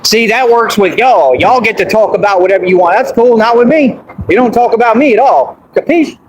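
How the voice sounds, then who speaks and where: A man's voice: high-pitched, a little fast. A man ranting on a livestream, bragging in street slang and asking over and over whether you understand. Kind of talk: boastful livestream rant. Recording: noisy livestream audio.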